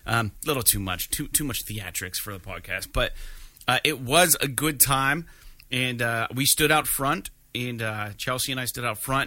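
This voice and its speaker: Man, podcast host, bright voice, dry close sound, rambling casual storytelling. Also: mid-range voice, no echo. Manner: animated, rambling with many fillers.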